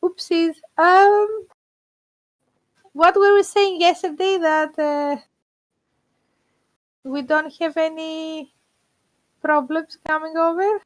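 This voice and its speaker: Woman player, high voice, slow, measured questions, dry sound. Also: fairly even intonation, no room sound. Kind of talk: in-character tabletop play.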